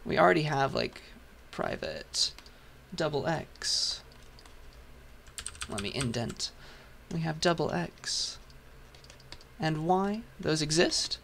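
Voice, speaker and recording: A man lecturing a programming class, patient and step by step while writing, his voice hoarse. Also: a little high, fairly bright tone, a little hiss or hum. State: hoarse, losing voice. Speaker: university lecturer. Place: lecture hall.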